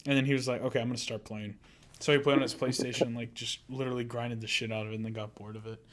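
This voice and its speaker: A man's voice: mid-range voice, flat delivery, racing, slight background noise. A young man co-hosting a casual podcast, laid-back, laughing often and trailing off with fillers. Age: young adult. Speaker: podcast co-host. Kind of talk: casual chat.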